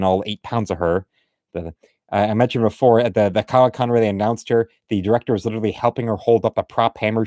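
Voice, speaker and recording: A man with a somewhat low voice talks through artwork in a loose, meandering way. He is blunt and opinionated, and often restarts his sentences. The recording is close and dry. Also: mellow, no echo. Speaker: art commentator. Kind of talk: casual commentary over artwork.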